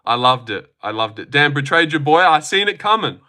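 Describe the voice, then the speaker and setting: A man streams live, chatting with his viewers in a crude, joking, boastful way. His voice sits somewhat high and rings sharp and bright. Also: big pitch swings, a little fast. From Australia. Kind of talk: live-stream reaction chat, reading chat aloud.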